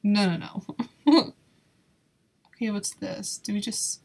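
A woman's voice: mid-range voice, expressive, slow, vocal fry, pauses often, a little mellow, slightly rough. A woman giving casual gameplay commentary in a nervous, exclaiming way, laughing often. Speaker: YouTuber playing a video game.

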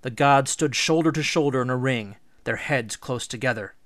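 A teacher reading a storybook aloud in a measured, expressive way. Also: male voice, mid-range voice, dry recording, clean studio sound. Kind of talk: read-aloud storybook narration.

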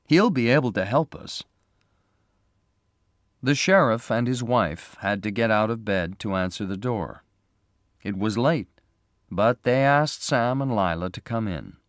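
Slow, expressive male storyteller. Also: lowish voice, no room sound, clean studio sound. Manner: slow, clear, expressive reading. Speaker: narrator. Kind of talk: graded reader story narration.

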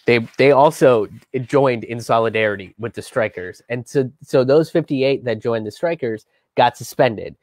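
A man's voice: mid-range voice, moderate pace, few pauses, a little mellow, dry recording. Guy rambling through a history story on a live stream, ums and restarts everywhere, dry sound. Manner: loose, chatty, many fillers and restarts, swears, acts out quotes. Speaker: host of a history and politics show.

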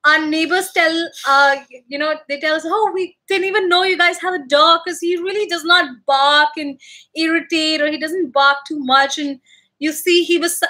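Woman, high voice, casual livestream chat, chatty and upbeat, lots of ums, talking from her room at home. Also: pushed and bright. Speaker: bagpiper hosting a livestream. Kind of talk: casual livestream chat, reading viewer comments.

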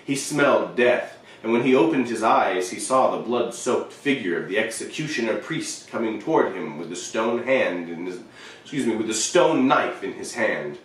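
A man reading a short story aloud, expressive, with shifting emphasis and the occasional slip. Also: lowish voice, normal speed, recorded from a distance. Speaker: reader. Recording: very echoey room, voice away from the mic.

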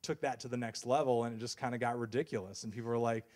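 A man's voice: medium pitch, steady tone, fast, a little mellow. A young man giving a casual university talk as a music reviewer, rambling and self-deprecating, with lots of fillers and restarts. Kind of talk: casual lecture.

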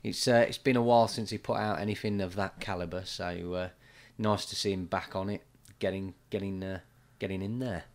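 A man hosting a podcast in casual chat, chatty and quick to laugh. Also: low-pitched, fairly even intonation. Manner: chatty, laughs often, slips into silly voices. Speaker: podcast host.

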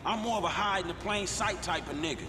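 A man's voice: high-pitched, fast talker, background noise, close to an everyday voice. A man playing a wary, sarcastic young crew member. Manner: dry, skeptical, sarcastic.

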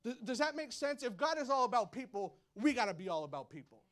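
A male pastor in his thirties preaching a sermon to a congregation, telling lively stories and acting out shouts and quotes. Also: extremely high pitch, quick pace. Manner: animated storytelling, acts out shouts and quotes. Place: church hall before a congregation.

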